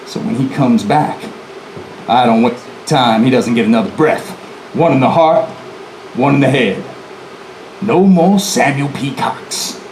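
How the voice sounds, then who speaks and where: A man's voice: mid-range voice, a little slow, long pauses, a little mellow, echoey room, slight background noise, lightly acted, poor audio. Jesse James, a man playing a boastful outlaw. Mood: folksy boastful. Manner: folksy, chatty asides to the audience. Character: boastful defiant male outlaw bank robber. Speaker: historical reenactor. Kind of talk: first-person historical storytelling performance. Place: live presentation venue, indoors.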